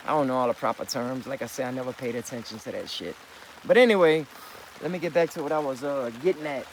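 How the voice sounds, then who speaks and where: Man in mid-life, rambling and profane, fairly high voice, faint rain behind. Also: a little hiss or hum, rough recording. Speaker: vlogger. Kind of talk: rambling monologue to camera.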